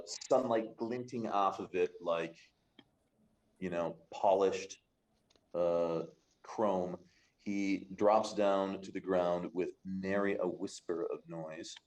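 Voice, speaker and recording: A man's voice: low-pitched, a little mellow. A man narrating a tabletop game as game master in a casual, rambling way. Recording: echoey room.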